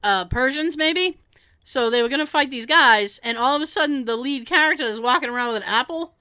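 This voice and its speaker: A woman co-hosting a casual movie chat, animated, laughing often and swearing casually. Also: high-pitched, brisk, smooth, dry recording. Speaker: podcast co-host.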